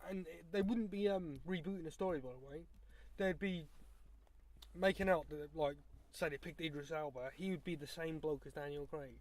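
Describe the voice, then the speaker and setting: Blunt, swearing man with a slightly high voice. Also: fairly even intonation, moderate pace. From England. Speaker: podcast co-host. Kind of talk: casual opinionated chat.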